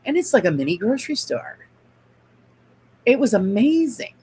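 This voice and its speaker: A woman's voice: a little high, big pitch swings, moderate pace, warm tone, slightly rough, poor audio. A woman hosting a casual miniature-crafting stream, chatting in a rambling way and answering viewer comments as she builds. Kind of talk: casual craft livestream chat.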